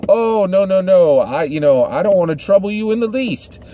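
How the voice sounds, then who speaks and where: Man doing a polite church lady, raised high voice, fussing, sugary manner. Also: lively intonation, normal speed, dark tone, lightly acted. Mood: sweetly polite. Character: sweet churchy woman bringing a pie.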